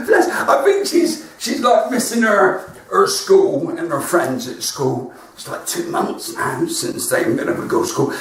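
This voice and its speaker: A man's voice: fairly high pitch, sing-song, unhurried, a little hiss or hum. An older comedian with a West Country accent, telling stories in a live stand-up show from his front room and laughing at his own jokes. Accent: West Country English. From West Country of England. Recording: roomy, distant home recording.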